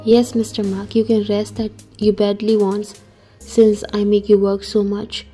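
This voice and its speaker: A woman's voice: medium pitch, level tone, a little slow, husky, soft background music. A woman reading as a loving young husband. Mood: affectionate. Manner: soft, affectionate. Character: affectionate young husband and company boss.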